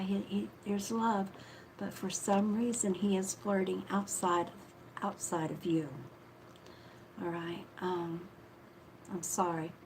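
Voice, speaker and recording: A woman hosting a live-streamed psychic reading who speaks softly and affectionately, calls viewers sweetheart, and often apologizes and trails off mid-thought. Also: mid-range voice, slight background noise, low-quality recording. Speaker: psychic reader.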